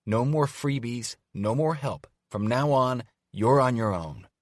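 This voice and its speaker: A man voicing a sharp-tongued young woman talent agent in an audiobook, mocking and sweetly teasing. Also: mid-range voice, sing-song, moderate pace, husky, dry recording, clean studio sound, voice pushed up. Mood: angry. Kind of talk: audiobook character voice.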